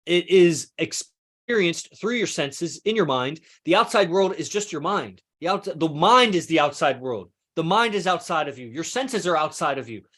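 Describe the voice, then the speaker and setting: A man's voice: on the high side, lively intonation, normal speed, fairly bright tone. A man hosting a podcast, musing in a casual, rambling way, swearing freely and correcting himself mid-sentence. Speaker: podcast host. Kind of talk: casual philosophical monologue.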